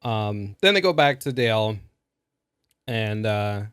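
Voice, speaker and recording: Guy on a movie podcast, kinda low voice, rambly, lots of ums, dry close mic. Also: lively intonation, slow, a bit bright, smooth, no room sound. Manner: rambling with many fillers and laughs. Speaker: podcast co-host. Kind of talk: casual movie review chat.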